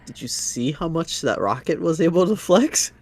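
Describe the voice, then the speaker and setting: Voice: medium pitch, animated, normal speed, a little mellow, slightly rough. A podcast co-host joining a casual watchalong chat with playful, reactive banter. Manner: giggly, reactive banter with frequent laughs.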